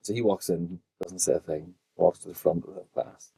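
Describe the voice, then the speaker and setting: A man's voice: low-pitched, moderate pace, gravelly, slightly rough. A middle-aged man, chatting casually and acting out the people in his stories. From Northern Ireland. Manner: animated storyteller, acts out quotes. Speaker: podcast guest. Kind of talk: casual chat, storytelling.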